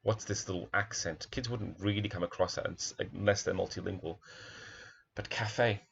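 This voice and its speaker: A man's voice: low voice, moderate pace, vocal fry, a bit bright, dull audio, a little hiss or hum. A man, a primary school teacher, talks thoughtfully through a picture book, admiring its pages and asking questions aloud.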